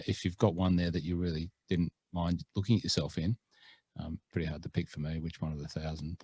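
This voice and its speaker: A man's voice: deep voice, a little mellow, dry recording. A Scottish-born man with an Australian accent, co-hosting a casual podcast and rambling through his points with many fillers and restarts. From Scotland. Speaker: podcast co-host. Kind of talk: casual chat.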